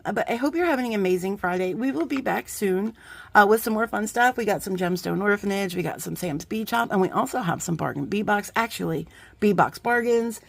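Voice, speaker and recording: A middle-aged woman talks her viewers through a craft-supply unboxing in a casual, effusive way. She laughs easily, thinks out loud, and restarts her sentences as she goes. Her pitch sits in an ordinary middle range for a woman. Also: gravelly, no echo. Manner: chatty and effusive, laughs often, trails off mid-sentence. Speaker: crafting vlogger.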